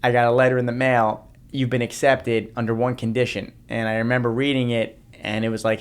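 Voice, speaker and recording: Podcast guest, man in his thirties from New Jersey, rapid earnest storytelling, mid pitch. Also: flat delivery, smooth. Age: 30s. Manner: earnest, repeats himself, frequent restarts. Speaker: guest, motivational speaker. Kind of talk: personal storytelling in a podcast interview.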